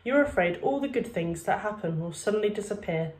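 A woman voicing a kind female school counselor who speaks calmly and reassuringly. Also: mid-range voice, a little fast, echoey room, close to an everyday voice. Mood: gentle. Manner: calm, reassuring.

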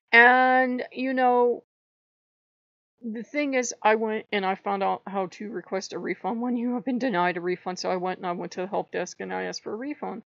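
Upset woman venting, gravelly dry voice. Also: mid-range voice, normal speed, a bit bright, no echo, muffled recording. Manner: upset, venting, swears often, rambling with repeats. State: agitated and close to tears. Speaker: channel host. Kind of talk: emotional personal vlog rant.

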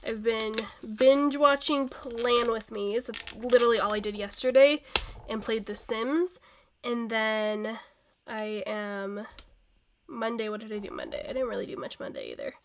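A woman's voice: on the high side, vocal fry, a little hiss or hum. A young woman with a cold, chatting casually and rambling as she decorates her planner, laughing often. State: sick with a cold. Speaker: planner vlogger. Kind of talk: casual plan-with-me chat.

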